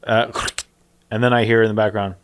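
A man's voice: little pitch movement, brisk, smooth. Man telling a comic phone story. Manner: storytelling, acts out phone calls in a squeaky voice. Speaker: podcast co-host. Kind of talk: casual comedic chat.

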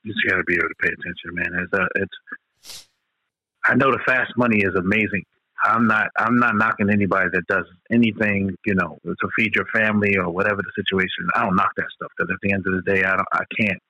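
A man's voice: low-pitched, fairly even intonation, quick pace, bright, forceful tone, breathy edge, no room sound, muffled recording. A man in casual podcast chat, talking loosely and profanely, rambling between points with lots of restarts.

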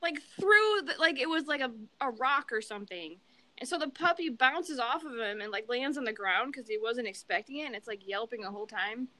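A woman's voice: a little high, lively intonation, fairly quick, bright, forceful tone, no room sound. A young woman on a casual podcast, retelling a story animatedly and acting out the people in it. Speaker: podcast co-host.

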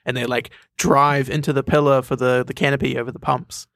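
Fast-talking gravelly man. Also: medium pitch, flat delivery, fairly bright tone, no echo, studio quality. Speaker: podcast co-host. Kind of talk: casual chat about a film.

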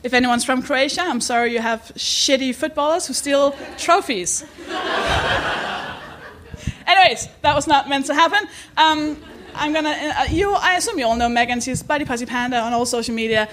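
Live podcast host, woman, high giggly voice, swears, self-deprecating. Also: moderate pace, a crowd in the background. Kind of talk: live podcast chat before an audience.

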